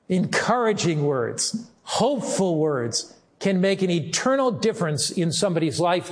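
An older male pastor delivers a sermon in an earnest, measured way, with a voice sitting a little high for a man. He slows right down on the words he wants to land. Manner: earnest and measured, slowing down to stress key words.

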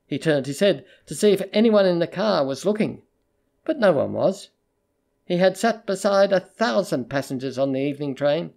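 In a gravelly, medium-pitched voice, a narrator steadily reads a literary short story aloud at a measured storytelling pace.

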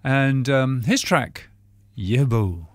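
A man's voice: mid-range voice, very animated, moderate pace, dry recording. A man hosting an afternoon radio show, laid-back with dry jokes. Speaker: radio host. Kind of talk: casual radio chat. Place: radio studio.

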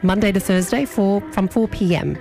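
A woman's voice: mid-range voice, normal speed, gravelly, dark tone, faint music behind. A woman hosting community radio, chatting and reminiscing casually. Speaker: radio host.

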